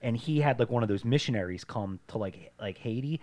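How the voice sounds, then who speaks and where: A man's voice: mid-range voice, animated, a little fast, darkish tone. A man co-hosting a casual podcast, telling a rambling story full of swearing and filler words. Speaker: podcast co-host. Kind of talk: casual chat.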